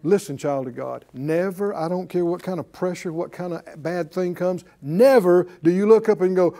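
A man's voice: sits high, normal speed, few pauses, mellow. A man teaching a Bible class as a sermon, emphatic and calling for responses from the class.

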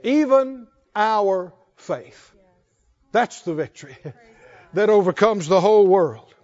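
A male pastor preaching a sermon, slow and emphatic, rising to fervent calls to his congregation. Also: sits high, expressive, a little mellow, highs cut off.

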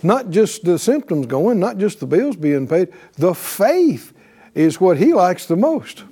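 A man preaches with a high, swooping voice. He takes his time and his tone stays warm and mellow. He often checks in with his listeners and acts out the words of believers. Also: unhurried, husky. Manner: animated, calls for responses with "right?". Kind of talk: sermon.

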